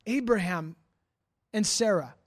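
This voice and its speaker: A man's voice: high-pitched, unhurried. A man preaching a sermon, telling a story and voicing anguished pleas with dramatic rises. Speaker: pastor.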